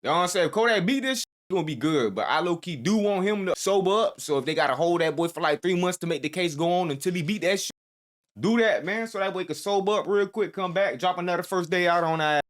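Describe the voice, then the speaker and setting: A man's voice: high-pitched, expressive, quick pace. A man hosting a reaction video, chatting casually in heavy slang with bursts of disbelief.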